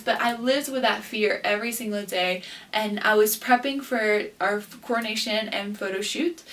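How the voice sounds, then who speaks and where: A young woman vlogger telling a personal story casually, acting out what people said with animated excitement. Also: mid-range voice, distant mic. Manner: animated, acts out quotes with breathless excitement. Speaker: beauty queen vlogger.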